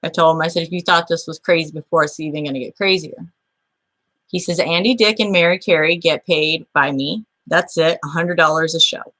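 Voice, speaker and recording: Woman, show host, reading messages aloud, profane, aggrieved, lowish voice. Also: steady tone, brisk, a bit bright. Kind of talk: casual recounting of a dispute.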